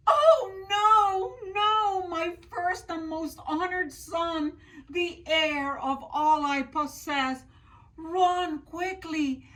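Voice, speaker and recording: Woman reader as stern mother, high and dramatic, scolds and wails; storybook read-aloud. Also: very animated, takes it slowly, fairly bright tone, full character voice, poor audio. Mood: wailing. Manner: scolding, then wailing. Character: stern mother who panics for her eldest son.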